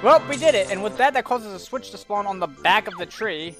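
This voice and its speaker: A man's voice: high voice, animated, fairly quick, over music. A young man giving rambling gameplay commentary, easily exasperated and ranting at the game. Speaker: let's play commentator.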